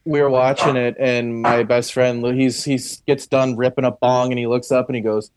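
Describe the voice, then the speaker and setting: A man's voice: medium pitch, level tone, normal speed, background noise. A man in a casual podcast chat, blunt and swearing freely.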